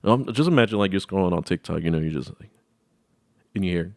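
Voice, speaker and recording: Young male host, casual profane storyteller, low-ish voice, dead-dry room, puts on voices for people in his anecdotes. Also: lively intonation, fast talker, vocal fry, a little mellow, no echo. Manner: rambling, profane, acts out voices in his stories. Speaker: podcast host.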